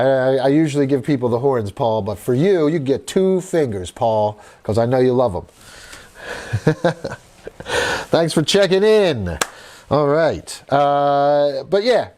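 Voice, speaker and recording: A man's voice: a little high, mellow. A man hosting a live horror news stream. He talks casually, laughs often and greets viewers in the chat by name.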